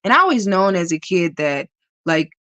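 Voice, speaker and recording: Animated woman guest, bursts of laughter. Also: lowish voice, moderate pace, no room sound. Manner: animated, laughs often, acts out quoted voices. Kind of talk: casual spiritual conversation.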